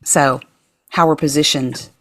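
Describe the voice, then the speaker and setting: A woman hosting a podcast speaks in a low, dry voice with no room sound. She is eager and affirming, often agreeing with her guest and building on their points in a casual chat. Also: fairly even intonation, measured pace, no echo. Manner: eager, affirming listener with frequent yeahs. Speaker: podcast host.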